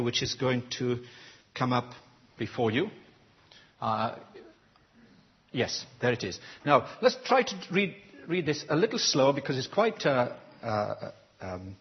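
Man, preacher, interactive sermon, unhurried delivery, muffled lo-fi capture. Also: medium pitch. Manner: quizzes the congregation with questions, slow and deliberate. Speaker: preacher leading a church service.

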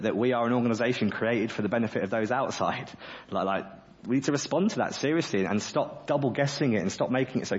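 A man preaching a sermon in church, earnest and passionate with humorous asides. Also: medium pitch. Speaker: pastor. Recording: dull lo-fi sermon audio.

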